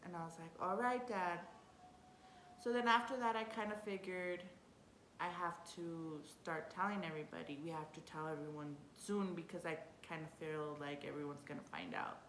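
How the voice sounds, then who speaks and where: A young woman telling a personal story in a casual vlog, chatty and excitable, often laughing and restarting her sentences. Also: a little fast. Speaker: vlogger. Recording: roomy with faint rumble.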